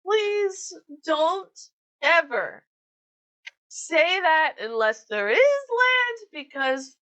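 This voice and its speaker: A woman's voice: very high voice, very animated, extremely slow, sharp tone, pitched above the performer's own voice, full character voice. A woman voicing a blustering male ship captain who scolds and explains to his crew in a tabletop game. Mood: scolding. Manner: indignant, scolding.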